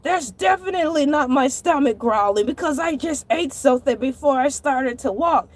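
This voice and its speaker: A woman playing Hercules, a shrill dramatic shark. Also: animated, moderate pace. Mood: annoyed. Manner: dramatic, exasperated, bursts into shouting. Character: excitable male cartoon shark who walks on land. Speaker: show host. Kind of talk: comic monologue storytelling.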